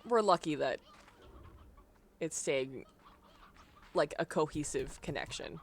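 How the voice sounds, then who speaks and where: A woman's voice: deep voice, animated, slow pace, vocal fry, slight background noise. A young adult woman streaming a game live, chatting casually and rambling, often breaking into laughs. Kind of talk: casual live-stream chat while gaming.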